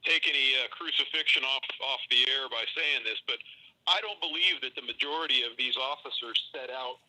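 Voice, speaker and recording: A man calling in to a show, speaking haltingly with stammered restarts. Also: mid-range voice, bright, forceful tone, poor audio. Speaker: caller. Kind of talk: call-in conversation.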